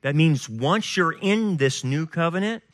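A pastor preaching a sermon, reading scripture aloud with rising, animated emphasis. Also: male voice, on the high side, a little slow, dry recording, clean studio sound. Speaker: pastor leading a Passover Seder service.

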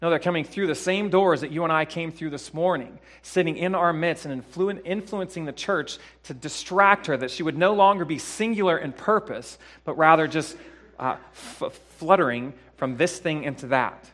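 Emphatic preacher with soaring loud peaks. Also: male voice, normal speed. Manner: swings from hushed lows to loud emphatic peaks; rhetorical questions and repetition. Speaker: pastor. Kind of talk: sermon. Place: church.

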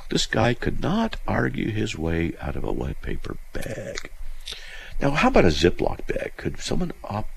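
A male radio host reading listener mail aloud and mocking it in a sarcastic, animated way. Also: measured pace, vocal fry. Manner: sarcastic, mocking, animated with sudden pitch jumps.

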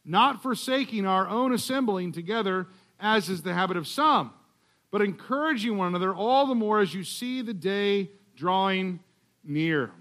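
High-voiced man preaching a sermon. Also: lively intonation, moderate pace, fairly bright tone. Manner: conversational preaching with humor and asides. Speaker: guest preacher. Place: church.

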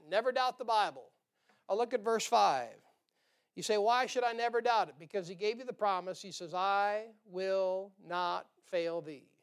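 A man's voice: high-pitched, clean tone. A male pastor preaching a sermon in a folksy, joking way, chuckling and firing rhetorical questions at the congregation. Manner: chuckles between points.

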